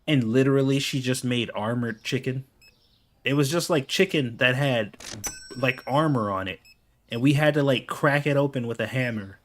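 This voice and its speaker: A man's voice: mid-range voice, normal speed, slight background noise. A man in the middle of his range tells stories casually over gameplay. He swears freely and sounds exasperated, breaking into laughter often. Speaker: gaming video creator.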